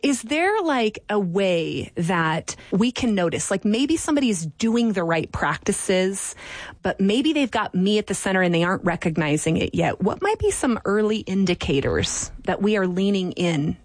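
A woman's voice: medium pitch, big pitch swings, normal speed, no room sound. A woman hosting a podcast interview who asks questions and encourages her guest with short affirmations. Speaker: host.

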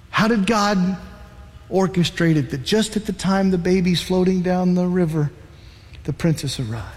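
A man pastor preaching a sermon, telling a Bible story with animated emphasis. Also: a little high, long reverb tail.

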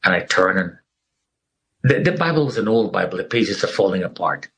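A man's voice: low-pitched, lively intonation, a little fast, fairly bright tone, slightly rough, rough recording. A middle-aged man telling his survival story with earnest feeling, acting out the people he quotes. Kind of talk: emotional personal testimony.

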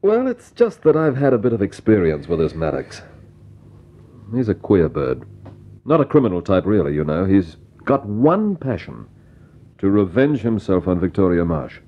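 A reflective investigator narrates and talks things through, his low voice moving expressively. The recording is dull and lo-fi, with faint music underneath. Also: sing-song, moderate pace. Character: thoughtful male investigator and narrator. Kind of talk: vintage radio drama narration.

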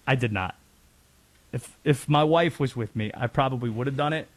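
A man's voice: mid-range voice, moderate pace. A man from North Carolina hosting a casual sports talk show, joking and telling stories. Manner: animated, jokey, quotes and impressions. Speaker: sports radio host.

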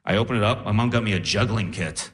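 A young man doing a stand-up set on a live stage, telling animated stories and quoting people in voices. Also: lowish voice, fast talker. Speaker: stand-up comedian.

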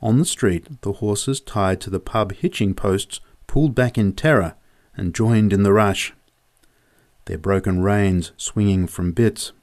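A man reading a humorous memoir story aloud in a vivid, measured way. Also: lowish voice, a little mellow.

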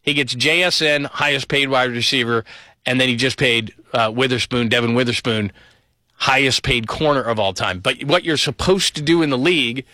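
A man giving an enthusiastic solo sports commentary, rattling off players and stats with animated emphasis. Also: no echo, studio quality. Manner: fast, enthusiastic rundown of names and stats; animated, pitch rises on key points.

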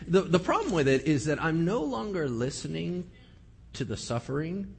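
A man preaching a humorous Bible-teaching sermon, animated and sarcastic. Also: high-pitched, normal speed, creaky, a little hiss or hum. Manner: animated and sarcastic, acting out scripture characters.

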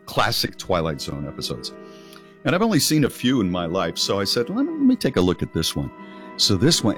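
A man co-hosting a radio show, telling a story in an animated way and acting out the quotes. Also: deep voice. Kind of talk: casual chat, storytelling.

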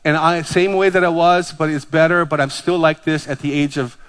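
A man in his fifties from Hawaii, a pastor preaching a sermon with animated, self-deprecating stories and jokes. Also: a little high, moderate pace, clean tone. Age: 50s.

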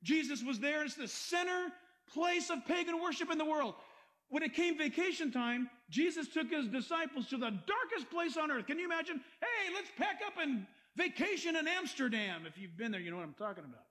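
A man with a strikingly high voice preaches a sermon. He talks to the congregation in a lively, conversational way and breaks into acted-out quotes and asides. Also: fairly quick. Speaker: pastor.

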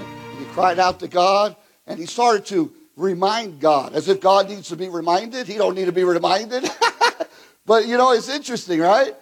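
A man preaching a fiery revival sermon at a conference, calling out to the crowd and shouting at his peaks. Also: sits high, normal speed, faint music behind. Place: conference hall.

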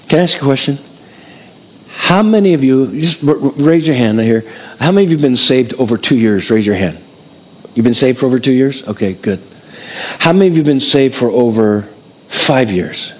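An older male pastor preaching a sermon in an animated, conversational way, repeating phrases for emphasis. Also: mid-range voice.

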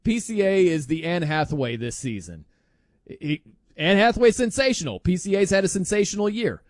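An expressive, high male voice at a moderate pace drives this animated sports talk monologue, recorded with no room sound. The host argues with emphasis and incredulous outbursts, often laughing and imitating others.

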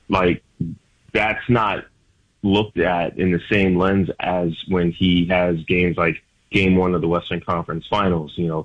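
A sports writer calls in as a guest over a tinny, dry phone line, talking basketball in casual radio analysis. His lowish voice has no echo, and his loose, emphatic chat is full of filler "likes."

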